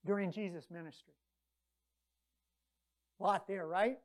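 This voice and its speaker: A woman delivering a sermon in a conversational, storytelling way. She acts out the people in her scripture stories with quick changes in loudness, rising for big moments and dropping low for quiet ones. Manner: conversational, animated storytelling with quoted voices. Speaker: preacher.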